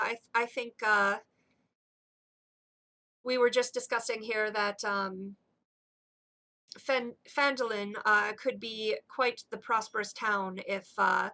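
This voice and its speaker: A woman voicing a courteous, weary male knight, speaking politely with halting fillers in a tabletop game. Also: medium pitch, pushed and bright.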